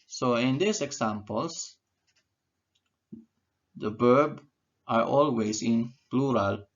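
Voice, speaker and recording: A man's voice: mid-range voice, takes it slowly, long pauses, muffled recording. A man teaching an English grammar lesson, who asks questions and answers them himself and repeats key words. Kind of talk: slow, deliberate grammar lesson.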